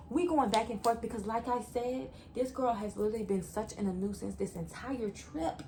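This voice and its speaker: A young woman vlogger telling a story to her viewers in a chatty, animated way. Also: fairly high pitch, normal speed, few pauses, slight background noise. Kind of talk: story time vlog.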